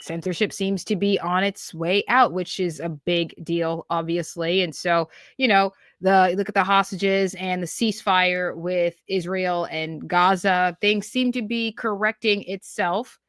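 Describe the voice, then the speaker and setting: A woman's voice: fairly low pitch, a little slow, few pauses, no echo. Emphatic woman podcaster, dry sound. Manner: animated and emphatic, repeats phrases, says "okay?" and "yo". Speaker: podcast host. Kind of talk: political commentary podcast.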